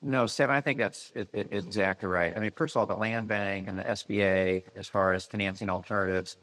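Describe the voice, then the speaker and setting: A man speaking on a panel in a measured way, with frequent "you know" fillers. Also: lowish voice, steady tone, a bit bright, low-quality recording. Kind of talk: panel discussion.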